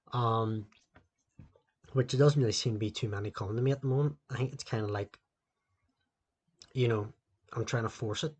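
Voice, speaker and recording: A man's voice: fairly low pitch, breathy edge. A man hosting a solo podcast, ranting and rambling with constant swearing into a laptop mic. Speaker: podcast host.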